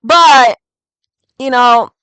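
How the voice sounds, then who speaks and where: A woman's voice: high-pitched, extremely slow, fairly bright tone, clear, resonant tone, no echo, low-quality recording. A woman doing a casual tarot reading vlog, chatty and rambling, full of "like". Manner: chatty and rambling, heavy use of "like". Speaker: tarot reader.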